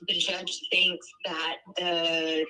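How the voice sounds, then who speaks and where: A woman's voice: fairly low pitch, little pitch movement, drawn-out words, sharp tone. A woman answering questions on a phone call in short, matter-of-fact replies, heard through a speakerphone. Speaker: phone caller.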